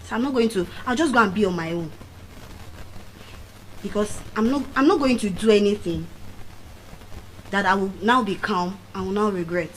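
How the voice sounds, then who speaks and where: A middle-aged woman with a Nigerian accent giving a motivational speech at a public event, telling personal stories with dramatic swings of pitch and loudness. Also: normal speed, long pauses, slight background noise, poor audio. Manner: animated storytelling with dramatic swings in pitch and volume. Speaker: public speaker. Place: venue of a public speaking event.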